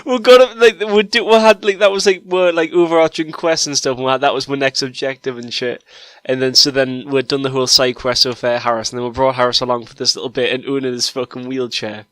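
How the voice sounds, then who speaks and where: A young man co-hosting a casual podcast, telling a story excitably with lots of swearing. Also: medium pitch, fast, clear, resonant tone, dry recording. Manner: excitable storytelling, heavy swearing, bursts of laughter. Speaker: podcast co-host. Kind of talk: casual chat.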